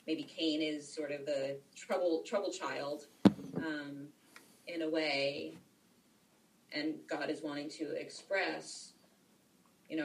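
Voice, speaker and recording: A woman's voice: deep voice, fairly even intonation, takes it slowly, long pauses, recorded from a distance, poor audio. A woman in a study group sharing her reading hesitantly, with many fillers and repeated words. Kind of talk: casual discussion.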